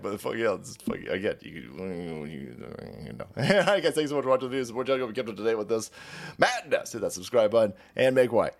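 A man's voice: lowish voice, big pitch swings, fairly quick, creaky. A man hosting a political commentary channel, ranting in a profane, sarcastic, mocking way.

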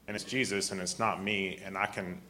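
A man with a deep, grumbly voice, preaching a sermon, often clearing his throat and restarting his sentences. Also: fairly even intonation, a little fast, pushed and bright, slight background noise.

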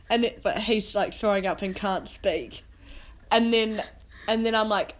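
A woman's voice: medium pitch, measured pace. A young woman co-hosting a podcast, telling a travel story in casual chat, acting out her own lines with lots of "like". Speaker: podcast co-host.

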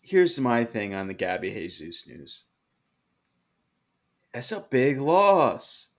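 A man's voice: mid-range voice, big pitch swings, slow. Man joking around on a sports podcast. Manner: laughing, teasing, swears freely. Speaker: podcast co-host. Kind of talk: casual banter among friends.

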